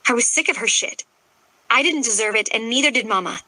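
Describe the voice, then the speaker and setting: A woman's voice: fairly high pitch, brisk, sharp tone, dry recording, low-quality recording. A woman narrating a romance audiobook in the first person, with emotional, dramatic delivery.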